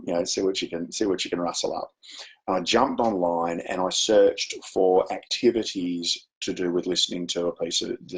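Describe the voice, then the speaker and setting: Low-voiced man telling a story. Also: low-quality recording. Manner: chatty anecdotal storytelling with many fillers. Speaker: education presenter. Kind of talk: webinar storytelling.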